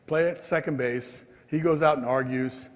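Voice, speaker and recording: A man in his sixties giving a conference speech, telling stories in a lively way and acting out the people in them. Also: mid-range voice, moderate pace. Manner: animated, acts out quoted people. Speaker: keynote speaker. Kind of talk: storytelling speech. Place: large convention hall. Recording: long hall reverb.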